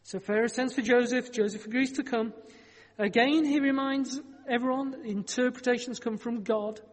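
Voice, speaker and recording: A man's voice: extremely high pitch, steady tone, normal speed, big-room sound. A man preaching a sermon, telling a Bible story in a conversational way with wry joking asides.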